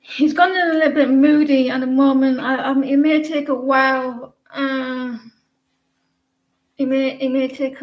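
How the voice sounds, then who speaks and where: A woman's voice: high-pitched, fairly even intonation, a little slow, dull audio. A woman giving a live, casual tarot reading. She is chatty, laughs often and breaks off mid-sentence. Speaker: tarot reader. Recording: echoey room with faint background noise.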